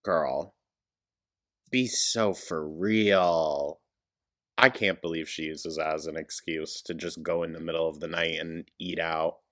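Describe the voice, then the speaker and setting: A man's voice: rumbling low, level tone, moderate pace, hardly any pauses, a bit bright. A man giving sarcastic reaction commentary over a clip, blunt and mocking, with laughing asides.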